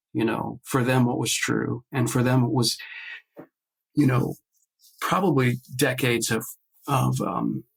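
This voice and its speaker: Gravelly man telling a story haltingly. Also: medium pitch, low-quality recording. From based in Nashville. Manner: halting, many fillers and restarts, acts out quoted voices. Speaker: guest artist. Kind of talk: casual interview storytelling.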